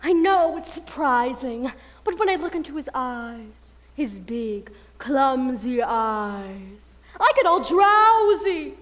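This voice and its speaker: A woman's voice: sits high, expressive, slow pace, fairly bright tone, heavily acted. A teenage actress playing a tipsy, languid, worldly chaperone who drawls her lines in a school stage musical. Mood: dreamy. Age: teens.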